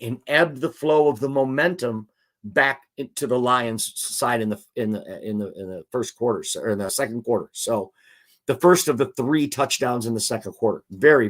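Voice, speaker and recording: A man hosting a live-stream football show, chatting and reading out viewer comments. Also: medium pitch.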